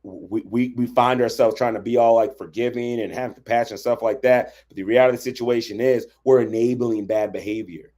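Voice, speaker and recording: A man's voice: medium pitch, steady tone, brisk, few pauses, mellow. A man teaching relationship boundaries on a livestream, talking conversationally and often checking in with "right?". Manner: conversational, keeps asking "right?". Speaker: relationship coach.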